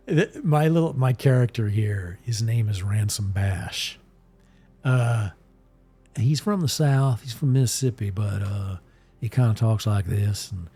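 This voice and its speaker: Gravelly, soft-spoken man doing tarot. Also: fairly low pitch, takes it slowly, long pauses, faint music behind. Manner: soft, musing, trailing into whispers. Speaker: tarot reader and game streamer. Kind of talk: casual live-stream tarot reading.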